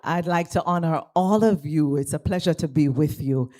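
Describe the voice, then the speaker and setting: A Jamaican woman pastor giving a lively speech at an awards ceremony in a church, drawing the audience into call and response. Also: low-pitched, normal speed. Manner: animated, engages the audience, asks for call and response. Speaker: guest speaker, pastor. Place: church hall.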